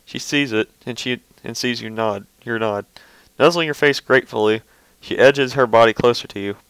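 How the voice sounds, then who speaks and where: A man's voice: medium pitch, moderate pace, fairly bright tone, clean tone, dry recording, poor audio. A man reading fan fiction aloud, often stumbling over words and breaking off into casual, offhand asides. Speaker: reader.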